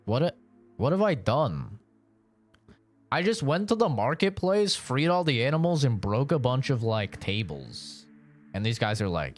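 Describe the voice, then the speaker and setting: Slow, sarcastic young streamer man. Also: mid-range voice, big pitch swings, faint music behind. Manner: laughing, sarcastic storytelling. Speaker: livestream gamer. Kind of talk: casual streaming chat.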